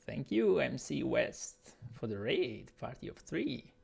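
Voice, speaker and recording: A man's voice: medium pitch, big pitch swings, slow, creaky, a little mellow, husky. A man casting an esports match in a casual, hesitant way, thinking aloud with plenty of fillers while speaking over an online voice call. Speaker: esports caster. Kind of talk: casual game commentary. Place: home setup on an online voice call.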